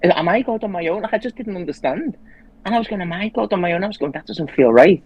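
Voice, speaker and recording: A man's voice: high voice, lively intonation, fast talker, slightly rough, highs cut off. A man hosting a casual conversation who tells his story earnestly and with animation, restarting his sentences often. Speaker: host.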